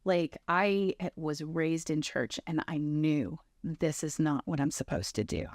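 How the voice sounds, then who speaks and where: A woman's voice: low-pitched, measured pace, darkish tone, no room sound, studio quality. Earnest woman telling her testimony. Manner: earnest storytelling, acts out quoted dialogue. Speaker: guest sharing testimony. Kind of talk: personal testimony, conversational.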